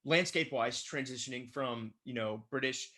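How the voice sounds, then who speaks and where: An American podcast host interviewing a guest, eager and quick to chime in. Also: male voice, mid-range voice, pushed and bright. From United States. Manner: enthusiastic, quick to laugh and chime in.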